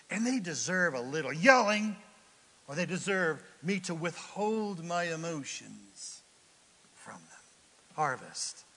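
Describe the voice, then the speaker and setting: A man preaching a sermon as pastor, folksy and animated, with sudden loud bursts. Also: a little high, in a large hall.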